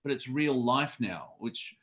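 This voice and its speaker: A man's voice: mid-range voice, animated, a little slow, a bit bright. Man, chatty guest, giggly storyteller, loose rambling delivery. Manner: rambling, laughs often, trails off mid-sentence. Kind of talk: casual chat.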